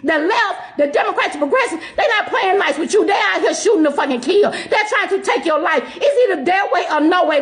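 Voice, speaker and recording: A woman in a furious, profane on-camera rant, tearful and shouting, her voice breaking. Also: extremely high pitch. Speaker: social media commentator.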